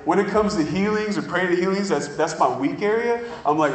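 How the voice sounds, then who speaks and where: A man preaching a sermon, telling stories in an animated way and drawing out words for emphasis. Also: high-pitched, reverberant, slight background noise, poor audio. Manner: animated storytelling with drawn-out emphasis.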